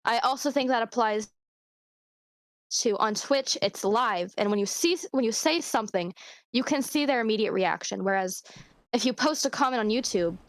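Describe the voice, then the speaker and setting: A woman's voice: fairly high pitch, moderate pace, dry recording. A woman chatting casually on a podcast, laughing easily as she talks. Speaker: streamer and podcast guest.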